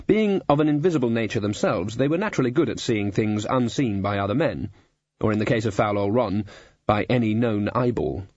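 A man reading a comic fantasy novel aloud in scripted narration, dry and even. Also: on the low side, a little fast, no echo, muffled recording. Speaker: audiobook narrator.

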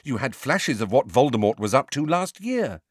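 A man's voice: mid-range voice, big pitch swings, breathy edge, no room sound, clean studio sound, voice pushed up. Bossy clever schoolgirl, as a man puts her on. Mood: brisk. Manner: brisk, exasperated, lecturing. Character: bossy clever teenage girl.

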